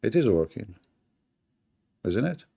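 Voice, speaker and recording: A man's voice: fairly low pitch, big pitch swings, slow pace, vocal fry, warm tone, husky. A man hosting a debate livestream, talking sarcastically and mockingly to his chat.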